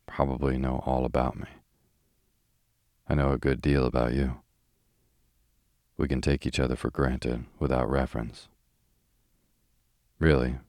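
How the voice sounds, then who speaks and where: Brief: a man reads a matter-of-fact tycoon, very low and steady, dry studio sound. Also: dry recording. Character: brisk decisive American male millionaire. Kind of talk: calm audiobook reading.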